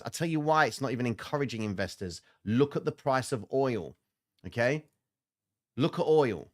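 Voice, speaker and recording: A man's voice: medium pitch, lively intonation, brisk. A man hosting a live trading stream, giving blunt, slangy market commentary and answering chat comments.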